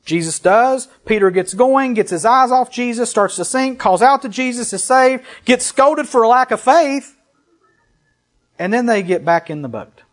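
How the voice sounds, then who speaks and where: A man with a high, light voice preaching a sermon. He reads scripture aloud with emphasis, then breaks off into casual, conversational comments to his congregation. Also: expressive, normal speed. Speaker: pastor.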